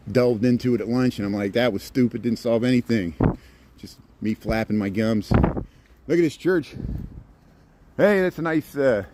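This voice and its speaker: A man's voice: mid-range voice, a little mellow. A middle-aged man walking city streets at night, chatting to his phone camera in a rambling way with many restarts. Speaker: walking vlogger. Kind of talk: casual walking commentary. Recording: faint street and traffic noise.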